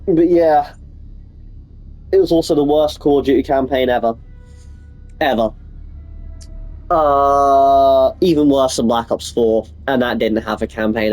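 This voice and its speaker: A man's voice: mid-range voice, dark tone, low-quality recording. A young man with a cold, rambling and swearing casually as he comments over his gameplay. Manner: rambling, profane, offhand. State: sick. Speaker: gaming YouTuber.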